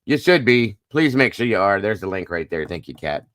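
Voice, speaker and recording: Male livestream host, lowish voice, dry close sound, rattles off viewer greetings. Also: sing-song, moderate pace, fairly bright tone, dry recording. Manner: upbeat, greets viewers by name one after another. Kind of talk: casual livestream chat.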